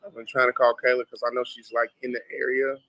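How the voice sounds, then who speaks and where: A young man from Gary, Indiana on a casual livestream, hoarse and sick from yelling, sounding weary and pleading with his viewers. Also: mid-range voice, level tone, fast, no room sound, rough recording. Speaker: livestreamer asking viewers for money.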